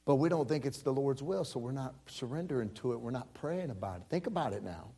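A man's voice: mid-range voice, lively intonation, quick pace, vocal fry, warm tone, husky. A man preaching a personal story, acting out the voices of people he quotes, with frequent repeated words. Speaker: pastor. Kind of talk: storytelling sermon.

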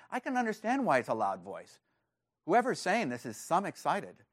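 A male pastor preaching a sermon, earnest and emphatic, rising to excited emphasis on key points. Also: a little high, normal speed, no room sound, studio quality.

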